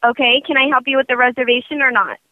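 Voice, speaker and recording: A woman's voice: sits high, quick pace, dry recording. A woman working as a reservation clerk, businesslike and growing impatient on a prank call. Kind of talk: recorded prank phone call. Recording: tinny phone line.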